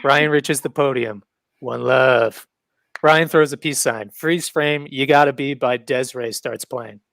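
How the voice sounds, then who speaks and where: Man deadpan-reading sketch directions. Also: medium pitch, unhurried, no echo. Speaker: sketch writer reading his script. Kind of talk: reading a comedy sketch aloud.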